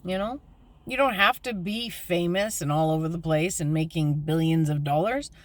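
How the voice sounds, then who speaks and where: A woman giving a casual, candid motivational talk as a spiritual vlogger, plainspoken and slowing down to stress her points. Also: lowish voice, dry recording.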